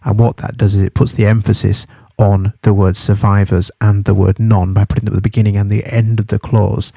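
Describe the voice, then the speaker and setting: A man teaching as he explains a novel for a study guide, halting and thorough, spelling terms out. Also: on the low side, little pitch movement, gravelly, warm tone, dry recording, clean studio sound.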